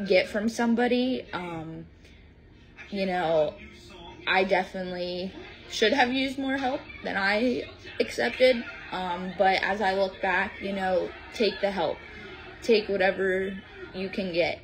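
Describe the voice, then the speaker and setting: A woman who is a mother offers advice in a personal video message, hesitant and pausing on many ums. She talks very slowly, with faint music underneath. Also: mid-range voice, poor audio.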